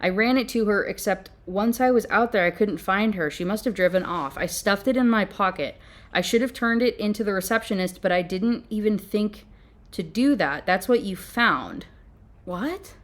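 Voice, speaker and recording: A young woman talks through a novel she is reviewing, reading bits aloud and then cutting in with exasperated commentary. She sounds animated and fed up. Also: mid-range voice, moderate pace. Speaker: book reviewer. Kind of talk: ranting book review with read-aloud passages.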